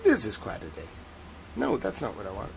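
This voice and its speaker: A man hosting a casual legal commentary stream, animated and sarcastic, who mocks people in whiny put-on voices. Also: on the low side, brisk, creaky, slight background noise. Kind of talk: casual chat.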